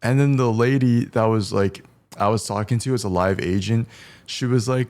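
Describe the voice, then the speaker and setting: A man's voice: on the low side, a little fast, a little mellow. A young man streaming as he cooks, chatting casually, swearing bluntly and humming little tunes between stories. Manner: blunt, swears freely, hums and sings between lines. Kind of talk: casual cooking stream chat.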